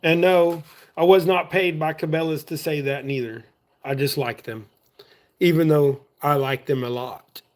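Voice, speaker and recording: Easygoing man, slightly high voice. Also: steady tone, unhurried. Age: adult. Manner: chatty, drawling, easygoing, talks while working with his hands. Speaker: livestream host. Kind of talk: casual rambling livestream chat.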